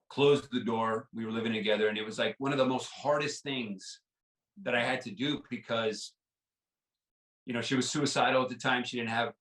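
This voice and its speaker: A man's voice: medium pitch, a bit bright, recorded from a distance. Earnest man telling his story, roomy sound. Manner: earnest, repeats words, many "like" and "right?" fillers. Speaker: podcast guest. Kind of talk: personal storytelling in an interview.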